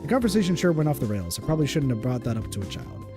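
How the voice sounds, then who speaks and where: A man's voice: mid-range voice, sing-song, very fast. A man streaming a visual novel, reading its narration aloud in a wry tone, with game music behind.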